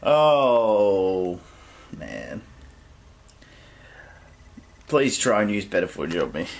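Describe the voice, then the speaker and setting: A man's voice: fairly low pitch, big pitch swings, extremely slow, creaky. An Australian man with an Australian accent, answering a review in a dry, wry way with frequent hesitations. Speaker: guest responding to the review.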